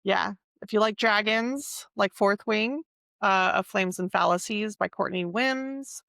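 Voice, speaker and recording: A woman's voice: mid-range voice, measured pace, vocal fry, a bit bright, dry recording. A woman co-hosting a podcast, talking casually about books, stopping often to search for the right word. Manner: chatty, searches for words, many fillers. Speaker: podcast co-host. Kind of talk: casual book chat.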